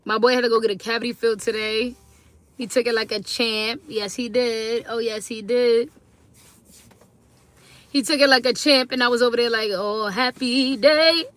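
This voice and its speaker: A woman's voice: on the high side, flat delivery, moderate pace, pauses often, a bit bright. A tired woman talking casually to viewers on a phone live stream, chatty and slangy, greeting them again and again. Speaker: livestreaming mom.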